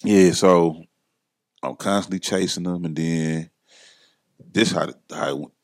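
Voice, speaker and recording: A man's voice: sits low, steady tone, measured pace. A man, a podcast guest, telling his story in casual slang and acting out the voices of the people he quotes.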